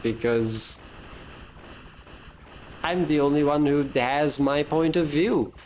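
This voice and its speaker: Slow, rambling game streamer. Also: mid-range voice, darkish tone, slight background noise. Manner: rambling, self-amused musing with restarts. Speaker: live streamer playing a video game. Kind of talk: casual live-stream commentary.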